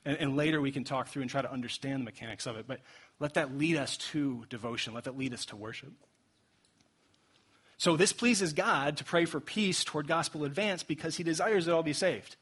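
A young man preaching a sermon in a casual, animated way, laughing often and acting out quotes. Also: a little high, fairly quick, breathy edge. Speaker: pastor.

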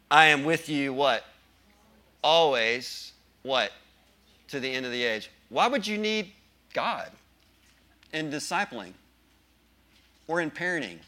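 A man's voice: fairly high pitch, lively intonation, slow pace, pauses often, bright, forceful tone. A male pastor preaching a sermon with emphasis, often asking the congregation questions.

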